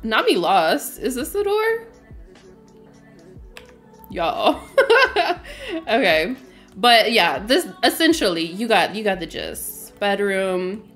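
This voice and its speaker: A woman's voice: medium pitch, sing-song, takes it slowly, pauses often, a bit bright, soft background music. A woman livestreaming a game, chatting casually, with lots of fillers, frequent laughs and greetings to her viewers. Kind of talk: casual livestream chat while playing.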